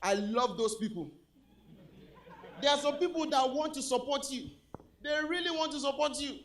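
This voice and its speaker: Nigerian man, Nigerian accent, very high voice, bright and sharp, stand-up comic on a stage mic. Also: normal speed. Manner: animated, shifts between loud punchlines and low confiding asides. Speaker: stand-up comedian. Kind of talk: stand-up comedy set. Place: comedy club stage with a live audience.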